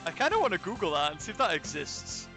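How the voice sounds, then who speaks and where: A man's voice: sits high, sing-song, fast, over music. A man live-streaming a zoo-building game, chatting casually and answering his viewers' chat as he plays. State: recovering from illness. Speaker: let's play streamer. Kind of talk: casual livestream commentary.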